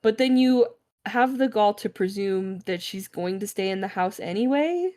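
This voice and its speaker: A woman co-hosting a book club podcast in relaxed, casual chat. Her voice sits in a middle range. She is animated, swears freely and laughs as she retells scenes. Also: mid-range voice, normal speed.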